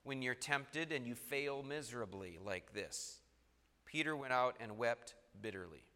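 A man's voice: mid-range voice, measured pace, bright, forceful tone. A man preaching a sermon, reading scripture aloud in old formal wording and stressing points with rising and falling emphasis. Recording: long hall reverb.

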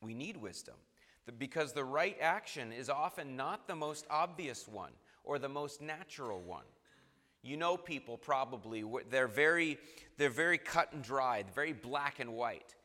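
A man's voice: mid-range voice, animated, normal speed, sharp tone, in a large hall. A man preaching a sermon, emphatic and repeating phrases for stress.

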